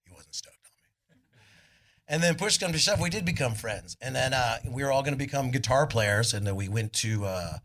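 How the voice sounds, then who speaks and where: A middle-aged man with a Californian accent, telling rambling, animated stories at a live on-stage interview in a club, bursting loudly into quoted lines. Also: medium pitch, moderate pace. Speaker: guest, rock singer.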